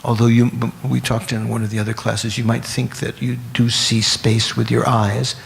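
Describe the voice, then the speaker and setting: Male dharma teacher, gravelly, halting delivery, quizzes the class, faint noise behind. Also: mid-range voice. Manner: halting, restarts, asks the audience questions. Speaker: Buddhist teacher.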